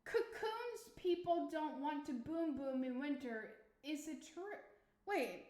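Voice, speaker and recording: A young Swedish woman, whose first language is Swedish, streams tarot readings in a casual live-stream chat with her viewers. She speaks slowly in a high voice, giggles often, and answers chat in an animated way, talking right back to them.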